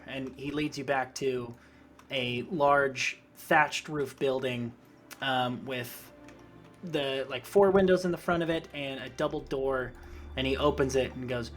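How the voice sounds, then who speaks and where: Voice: medium pitch, a little slow, soft background music. A game master narrating a tabletop game in a rambling way with many fillers.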